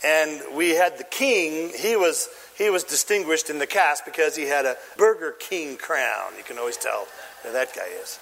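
Animated preacher with a high, lively voice. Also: male voice, moderate pace, gravelly, in a large hall, poor audio. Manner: animated storytelling, acts out scenes. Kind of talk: sermon.

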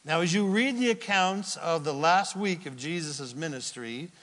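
A man preaching a sermon with a dramatic, teacherly manner, asking the listeners questions and answering them himself, swinging between loud cries and near-whispers. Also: on the high side, lively intonation, moderate pace. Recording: long reverb of a large hall.

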